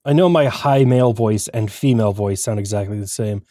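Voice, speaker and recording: A man's voice: fairly low pitch, fairly quick, few pauses, mellow, dry recording, studio quality. Wry man doing let's play commentary. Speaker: host.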